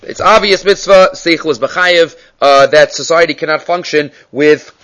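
A man giving a casual Torah class, switching between Hebrew terms and English, with animated emphasis on key points. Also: on the high side, normal speed. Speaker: Torah teacher. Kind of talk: daily Torah class on the mitzvot.

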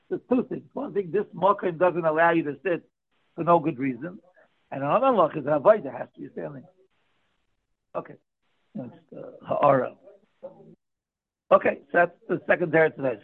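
A man with a raised, gravelly voice and a husky, raspy edge leads a daily Talmud class. He works through the text by asking questions aloud and then answering them. The sound comes through a thin, tinny phone-like line. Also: a little high. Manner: explains by asking and answering his own questions. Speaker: Talmud teacher.

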